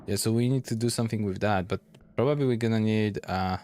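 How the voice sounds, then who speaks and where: A young man with a delivery, commentating a game and reading its text aloud, thinking out loud and laughing often. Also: on the low side, fast, faint music behind. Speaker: gaming YouTuber. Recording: gravelly voice over faint game ambience.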